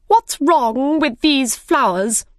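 A woman voicing a furious, cruel queen who shouts her orders in a storybook reading. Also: high-pitched, animated, slow, no echo, clean studio sound, voice pushed up. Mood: shouting. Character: furious shrieking female queen, bossy and cruel.

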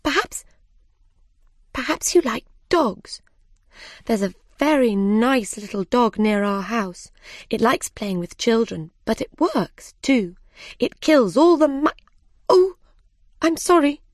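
A woman's voice: takes it slowly, pauses often, no echo, clean studio sound. A woman voicing Alice, a curious and polite little girl, in a storybook reading. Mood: eager, apologetic. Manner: high, excitable and apologetic.

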